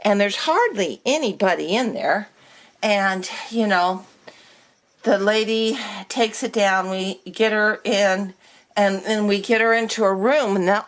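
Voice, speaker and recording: A middle-aged woman telling a personal story in a casual vlog, animated as she acts out the exchanges she is describing. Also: medium pitch. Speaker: vlogger.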